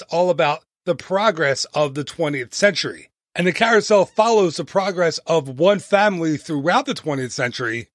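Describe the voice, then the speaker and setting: A man's voice: on the high side, fairly bright tone, no echo. A man hosting a travel podcast, talking casually and playfully with jokey asides and tangents, into a close mic.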